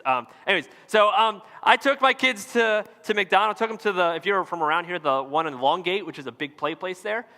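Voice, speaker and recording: A man's voice: mid-range voice, pushed and bright. A man in his thirties, a pastor, telling a self-mocking family story in a conversational sermon to a large church room. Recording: long hall reverb.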